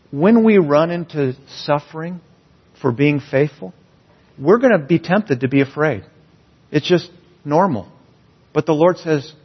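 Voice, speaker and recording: A pastor preaching a sermon in a church, earnest and building emphasis on key phrases. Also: male voice, medium pitch. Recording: dull, slightly lo-fi sound.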